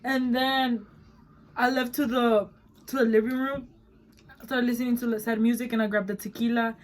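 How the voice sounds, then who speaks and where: 19 yr old girl vlogging, blunt and cussing a lot, flips between english and spanish, a bit high voice. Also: little pitch movement, moderate pace, poor audio. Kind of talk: casual storytime chat.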